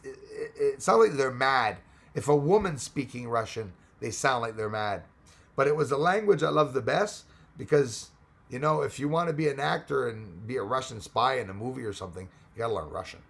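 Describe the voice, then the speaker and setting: A man's voice: mid-range voice, vocal fry, fairly bright tone. A Canadian man, hosting a casual livestream, greeting viewers by name and joking as he rambles. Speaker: livestream host reading chat. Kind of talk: casual live chat.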